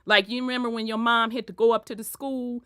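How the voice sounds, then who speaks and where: A woman with a Southern accent hosting an online talk show, telling stories in a loud, animated way with plenty of profanity. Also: a little high, fast, clean tone, no echo, clean studio sound. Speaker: host. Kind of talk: casual chat.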